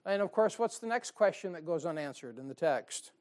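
Man, pastor, live church sermon, jokey, asks for amens, loud then quiet. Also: a little high, lively intonation, fairly quick. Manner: joking, calls out "Amen?" to the congregation. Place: church service.

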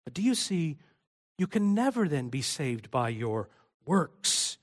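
A male pastor delivers a sermon in a church, his voice sitting a little higher than most men's. He drops into hushed, intimate stretches, then rises to loud, impassioned appeals. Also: sing-song, takes it slowly.

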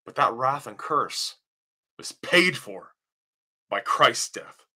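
A man's voice: medium pitch, very animated, slow, slightly rough. A man preaching a sermon, emphatic and questioning, pressing his points home with rising force. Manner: emphatic, rising to near-shouts on key points; asks questions then answers them. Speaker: pastor.

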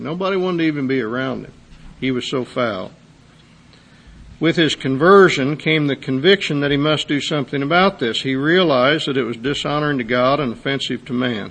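Gravelly-voiced man preaching a sermon. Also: medium pitch, fairly bright tone. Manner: reads a story aloud, then preaches with rising intensity. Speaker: pastor.

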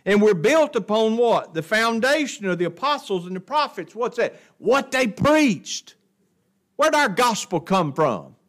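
A man teaches an adult Bible class with a high, light voice. He talks in a folksy, plain way and keeps putting questions to the room. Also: very animated, unhurried. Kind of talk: Bible lesson. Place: church classroom.

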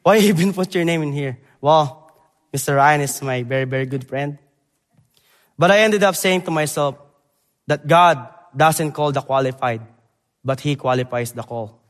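A young man from the Philippines, preaching a sermon in halting English that moves between loud emphasis and quiet, earnest moments. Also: fairly high pitch. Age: young adult. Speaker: preacher, Bible college graduate. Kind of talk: church sermon and missions presentation. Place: church sanctuary. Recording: long church hall reverb.

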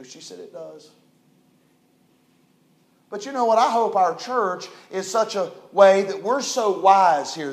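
High-voiced preacher in an echoey church. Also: male voice. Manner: preaching with swings from quiet storytelling to loud emphatic rises. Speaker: pastor. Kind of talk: sermon. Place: church hall.

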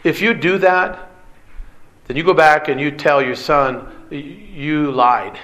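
A man's voice: a little high, a little slow, fairly bright tone. A middle-aged man preaching a sermon, earnest and direct, asking the congregation rhetorical questions. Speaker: pastor.

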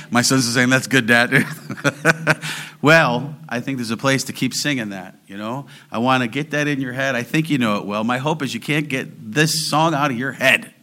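Middle-aged male pastor, bright and forceful tone, chatty sermon delivery with bursts of sung scripture. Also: mid-range voice, normal speed. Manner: breaks into singing the verse; chatty and joking with the congregation.

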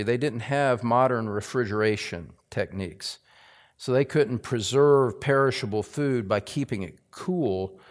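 A male pastor preaching a sermon, building to emphatic, forceful stress on key lines. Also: medium pitch. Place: church sanctuary.

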